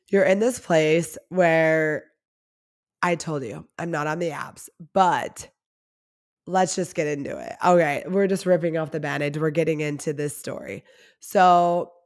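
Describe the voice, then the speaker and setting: A woman hosting her own podcast, telling a personal story in a candid, confessional way with lots of casual filler words. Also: low-pitched. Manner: chatty and confessional, heavy use of "like". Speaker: podcast host.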